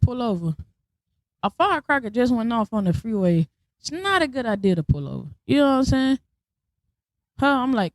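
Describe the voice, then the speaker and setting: A woman's voice: a little high, dry recording. Slangy woman telling a story, dry sound. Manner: blunt, slangy, animated retelling with quoted voices. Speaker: podcast host. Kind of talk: casual storytelling monologue.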